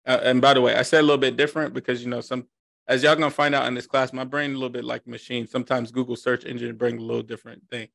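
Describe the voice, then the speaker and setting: Gravelly man leading an online class. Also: mid-range voice, level tone, very fast, fairly bright tone, no room sound. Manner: informal, joking, repeats himself. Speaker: class instructor. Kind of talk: casual teaching on a video call.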